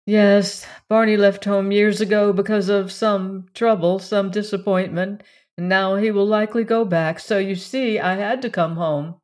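A narrator voicing a blunt, tired young woman who answers her family in a flat, mechanical way. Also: medium pitch, measured pace, natural voice. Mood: weary, blunt.

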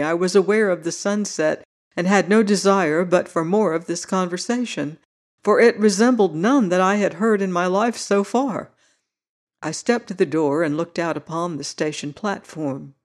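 An audiobook narrator reading a classic novel with measured, even storytelling. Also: medium pitch.

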